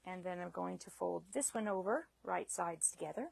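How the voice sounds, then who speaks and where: A woman's voice: fairly low pitch, normal speed, vocal fry, darkish tone. A woman teaching a live sewing demonstration, chatty and self-deprecating, laughing at her own mistakes. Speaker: sewing instructor.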